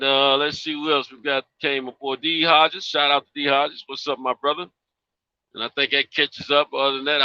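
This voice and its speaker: Laid-back Southern man, bright and dry. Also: medium pitch, dry recording, lo-fi sound. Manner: laid-back, drawling, folksy slang with frequent "you dig". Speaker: live stream host. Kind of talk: casual live-stream chat.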